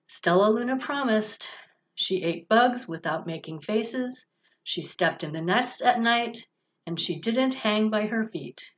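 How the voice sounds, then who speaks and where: Slow, gentle woman reading a storybook. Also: mid-range voice, lively intonation. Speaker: director of religious education. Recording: dull lo-fi recording.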